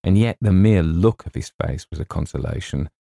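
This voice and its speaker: A man reading a comic story as narrator in measured, scripted narration. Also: low-pitched, expressive, vocal fry, dark tone, no room sound, clean studio sound. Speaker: audiobook narrator.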